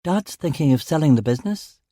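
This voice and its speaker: Worried young mother, high and urgent, read by a male narrator in a dry, close audiobook. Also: expressive, brisk, warm tone, dry recording. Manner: urgent, pleading. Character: anxious young mother pleading to emigrate.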